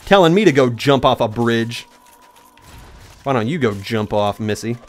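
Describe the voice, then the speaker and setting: Young man, gaming commentary, lively swooping pitch, rambling storyteller, faint music behind. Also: normal speed. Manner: rambling, animated, talks to the game mid-story. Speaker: gaming YouTuber. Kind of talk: let's play commentary with storytelling.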